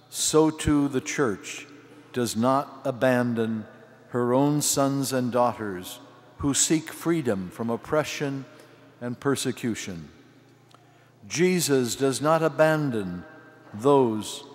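An older man preaches a homily, breaking his lines into short, deliberate phrases. He speaks very slowly at a middle pitch. His voice rings out with the long reverb of a large cathedral. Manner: slow, measured delivery in short phrases. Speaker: archbishop preaching. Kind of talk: sermon.

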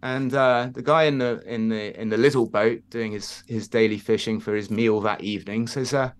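A man's voice: on the low side, steady tone, moderate pace, hardly any pauses, clear, resonant tone. A man, hosting a casual chat and telling reflective stories with frequent restarts. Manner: rambling, reflective, many restarts.

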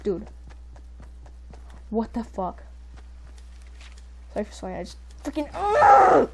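A woman giving excitable live commentary while playing a video game, jumping between panicked outbursts and quiet muttering. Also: mid-range voice, a little slow, very noisy. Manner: says "dude" and "frick" a lot. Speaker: gaming video creator.

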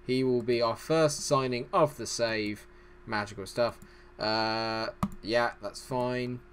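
A man chats his way through a let's-play, narrating the action and rambling off on tangents. He talks at an ordinary, middle pitch and keeps poking fun at himself. Faint background noise sits behind him. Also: fairly even intonation, takes it slowly. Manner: rambling, self-deprecating chatter. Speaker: gaming channel host. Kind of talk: casual let's-play commentary.

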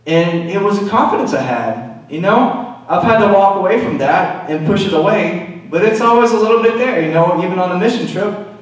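Preaching his testimony in a loose, confessional style, a man with a slightly high voice keeps dropping in "you know" as he goes. He's animated and a little fast, picked up from far off the mic in a large, echoey church sanctuary.

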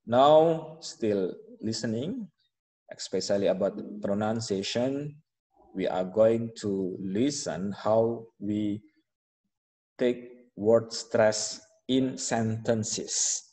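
A man teaching an English lesson, explaining slowly with frequent fillers and restarts. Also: lowish voice, dark tone, in a large hall, low-quality recording. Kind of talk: online classroom instruction.

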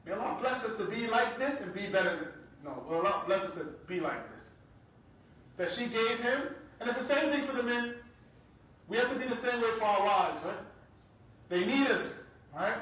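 A high-pitched man leads a religious class as an imam, speaking casually and checking in with "right?" again and again. His voice is bright and sharp, and it rings through a very echoey room. It is picked up from a mic set well back. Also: expressive, a little fast, distant mic. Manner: conversational, keeps checking in with "right?".

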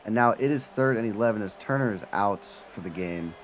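Low-voiced man yelling over his football game. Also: brisk, highs cut off, a little hiss or hum. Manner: swings from low mutter to excited yelling, swears when frustrated. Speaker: gaming channel host. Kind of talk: live gameplay commentary.

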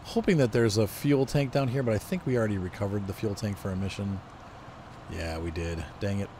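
Warm and on the low side, a man's voice moves fairly quickly while he streams a game in casual commentary. He sounds congested from allergies, rambling and thinking aloud as he drives, often fixing what he just said. There's slight background noise.

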